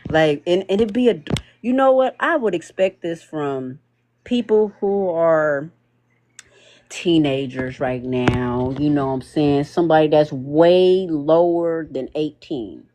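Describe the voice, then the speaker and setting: A man's voice: a little high, a little hiss or hum. A man, hosting a podcast panel in loose, joking livestream banter. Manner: loose, joking, slangy, quick laughs.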